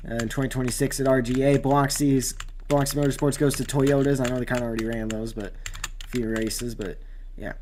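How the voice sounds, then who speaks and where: A man's voice: medium pitch, slight background noise. Rambling man commenting on a racing game. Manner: rambling, excitable at near-crashes. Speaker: gamer doing race commentary.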